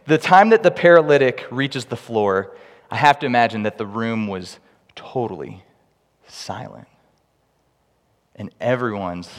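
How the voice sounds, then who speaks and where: A man preaching a sermon with humorous, animated storytelling, recorded in a large hall with long reverb. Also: mid-range voice. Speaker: pastor.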